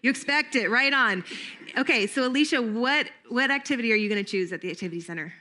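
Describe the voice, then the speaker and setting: A woman running a staff training session, her voice bright and fairly high as she speaks to a room of volunteers. She keeps it conversational and lively, tossing questions to the audience. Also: fast. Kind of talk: workshop training talk.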